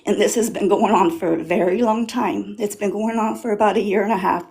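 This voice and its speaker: A woman's voice: mid-range voice, fairly even intonation, fairly quick, gravelly, a little mellow. A Latina woman from South Texas giving emotional, impassioned testimony about being stopped by police, swearing as she grows angry. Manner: impassioned, swearing, rising in anger. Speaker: caller sharing experience.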